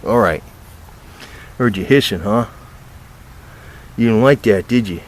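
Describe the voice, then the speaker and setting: Filming his cats at home beside his old car, a man coaxes them in pet talk mixed with rambling asides and casual swearing. His voice is fairly low and unhurried, with slight background noise.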